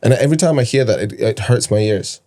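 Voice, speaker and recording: A man's voice: medium pitch, quick pace, mellow. A man hosting a podcast in casual interview chat, loose and profane, with frequent restarts. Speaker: podcast host.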